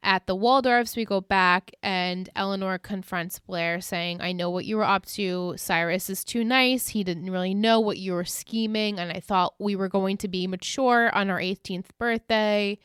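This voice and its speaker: A woman's voice: mid-range voice, fairly even intonation, moderate pace, hardly any pauses, a bit bright, clear, resonant tone, no echo, studio quality. A woman co-hosting a podcast, retelling episode scenes in casual chat, laughing often and acting out the characters' lines. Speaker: podcast co-host.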